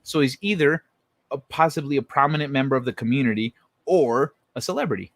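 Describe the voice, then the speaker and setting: A man's voice: mid-range voice, a little fast, no room sound. A man live-streaming, chatting casually with viewers and telling stories in a rambling, profane way.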